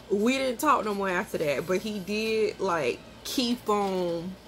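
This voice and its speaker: A woman casually telling a personal story, swearing freely and acting out her own sharp comebacks. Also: medium pitch, slight background noise. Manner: profane, animated, quotes people in sharp outbursts.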